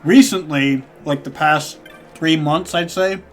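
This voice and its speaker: A man's voice: fairly high pitch, takes it slowly. A young man streaming a game, chatting casually, laughing often and thinking aloud while he plays. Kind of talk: casual gaming stream chat. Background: game music.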